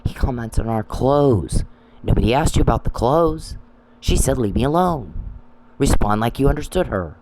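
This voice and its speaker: A man's voice: mid-range voice, animated, moderate pace, noisy background. A man delivering an angry, profane monologue that scolds people he addresses. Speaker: commentary channel host.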